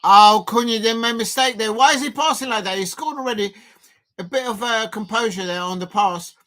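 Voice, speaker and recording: A man streaming a live football watch-along, chatting loosely with lots of fillers and sudden bursts of excitement. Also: high-pitched, brisk. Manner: rambling, filler-heavy, bursts of excitement at chances.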